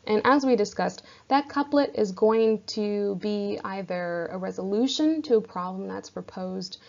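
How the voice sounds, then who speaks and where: A woman's voice: medium pitch, creaky, a little mellow. A woman teaching a literature lesson, explaining patiently and checking in with her listeners. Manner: patient, checks in with "right?" and "okay?". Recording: dull lo-fi recording.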